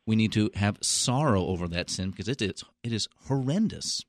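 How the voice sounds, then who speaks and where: A man's voice: lowish voice, animated, a little fast, no echo, studio quality. A male pastor explaining a point on a radio talk show, teacher-like and a little wry.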